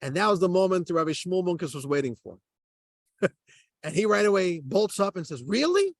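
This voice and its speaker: A man's voice: high voice, normal speed, no echo. A man, a rabbi, teaching a class and telling a story, acting out the characters' dialogue with animation.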